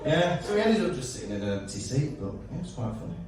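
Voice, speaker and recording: A man's voice: fairly high pitch, very animated, fast, background noise. A man co-hosting a casual podcast chat before a live audience, telling jokey stories and laughing often. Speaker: podcast co-host. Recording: echoey live room, mic at a distance.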